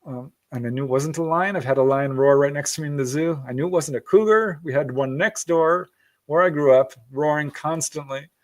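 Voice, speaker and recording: A middle-aged man guests on a podcast, telling a story in a casual interview style, his voice a little high and a little fast. He acts out the quoted voices and laughs often.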